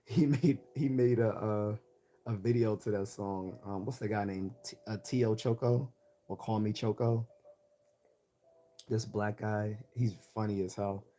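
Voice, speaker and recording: A man with a warm, lowish voice hosts a livestream and reads the chat aloud. He's from Chicago, has a Northeastern American accent, and is rambling and opinionated, often restarting his sentences.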